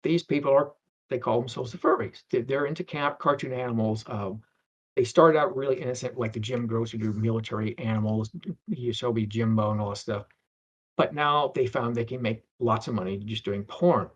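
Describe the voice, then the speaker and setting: On dull lo-fi audio, a middle-aged interview guest rambles through his anecdotes, restarting frequently and doing voices for the characters. He speaks fairly quickly at medium pitch in a steady tone.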